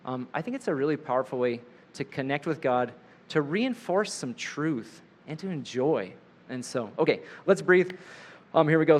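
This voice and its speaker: A man leading a group through a guided breathing prayer, talking gently and slowing down to softly repeat a short prayer phrase. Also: fairly high pitch, animated, slight background noise. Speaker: leader of a guided prayer session. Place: live in front of a group.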